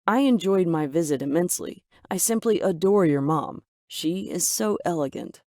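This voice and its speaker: A narrator voicing an earnest, gentle young husband in a storybook-style tale, in a plain, dry voice. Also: mid-range voice, lively intonation, normal speed, no echo, lightly acted.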